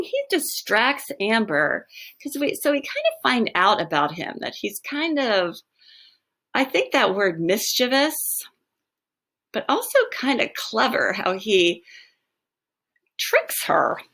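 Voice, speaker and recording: A woman teacher reading a children's novel aloud, stopping to explain her thinking in an expressive, explanatory way. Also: on the high side, measured pace.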